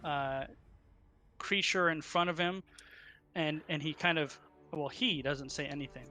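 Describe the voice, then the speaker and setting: A man narrating as dungeon master, halting often with ums and uhs. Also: on the high side, pushed and bright, faint music behind. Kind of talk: narrating a tabletop game.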